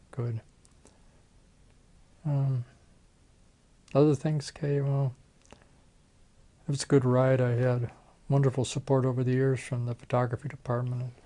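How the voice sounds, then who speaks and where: A man's voice: mid-range voice, dark tone. Older man telling folksy stories. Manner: folksy storytelling, acts out quoted voices. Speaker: retired plastic surgeon. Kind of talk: oral history interview.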